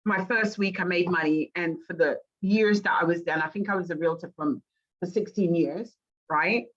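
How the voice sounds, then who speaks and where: In a fairly low, breathy-edged voice at a moderate pace, a middle-aged life coach from Great Britain tells her story as an interview guest. She's lively, acting out the voices she quotes, though the audio sounds dull and lo-fi.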